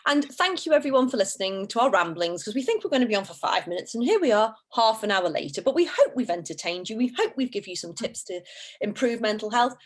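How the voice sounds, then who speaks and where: A woman's voice: a little high, sing-song, fast. A woman chats on a live stream about mental health. She is upbeat and encouraging. Now and then she swears casually. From Liverpool, England.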